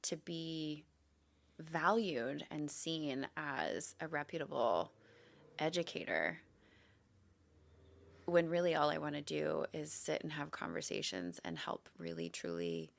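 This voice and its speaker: A woman with a very low voice and a strong gravelly fry talks thoughtfully and openly as a guest. Her tone stays unhurried and sincere. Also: lively intonation. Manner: reflective, candid. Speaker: podcast guest, educator. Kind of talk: casual conversation.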